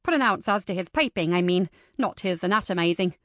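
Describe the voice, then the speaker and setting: Brief: woman reads chatty period lady, lively and eager. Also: fairly low pitch, a little fast, dry recording, clean studio sound.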